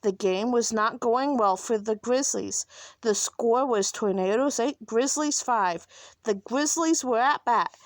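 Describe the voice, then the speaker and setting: A woman reading a children's picture book aloud in an expressive, animated way. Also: on the high side, unhurried, no echo. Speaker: storybook reader.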